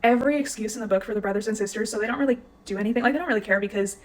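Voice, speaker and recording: A woman's voice: fairly high pitch, rapid-fire. A young woman telling a personal story to her viewers in a casual, chatty way, full of fillers and asides. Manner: chatty, frequent "like" and "you guys". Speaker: vlogger.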